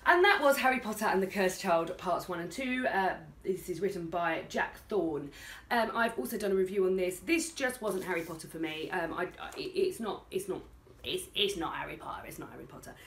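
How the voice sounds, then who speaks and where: A woman's voice: fairly low pitch, expressive, normal speed. Chatty British woman in an echoey room. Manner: chatty and frank, often laughing. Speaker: book vlogger. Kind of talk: casual book review chat. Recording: echoey room with faint noise.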